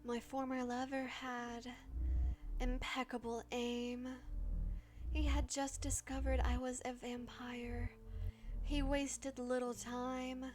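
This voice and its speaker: Woman putting on a slow, mournful vampire ghost. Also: high-pitched, a little mellow. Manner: slow, wistful, theatrical. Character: lonely melodramatic female vampire ghost. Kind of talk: reading a game's dialogue aloud.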